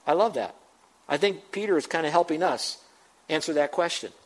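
A man's voice: fairly high pitch, animated, moderate pace, rough recording. A man preaching a sermon to his congregation as pastor, emphatic and rising to urgent questions.

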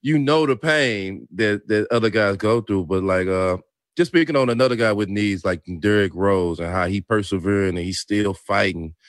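A man's voice: fairly low pitch, moderate pace, dry recording, studio quality. A man co-hosting a casual talk show, speaking loosely with slang and easy laughter. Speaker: podcast co-host, former player. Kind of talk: casual chat.

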